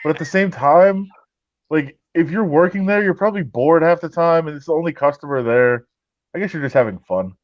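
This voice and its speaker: A man's voice: a little high, animated, brisk, dry recording. Laid-back male co-host, wry, dry and muffled lo-fi sound. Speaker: podcast co-host. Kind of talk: casual chat.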